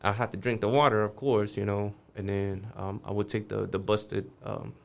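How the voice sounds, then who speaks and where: A man's voice: on the low side, flat delivery, normal speed, gravelly. A man guest on a podcast, telling a street story casually, swearing freely and acting out the voices of the people in it.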